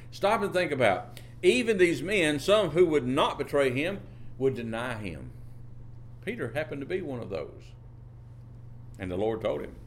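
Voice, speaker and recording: A man preaching a sermon, drawing out phrases and lifting his pitch on key words, reading scripture in old-fashioned wording. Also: big pitch swings, measured pace, slight background noise. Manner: reads scripture in King James wording.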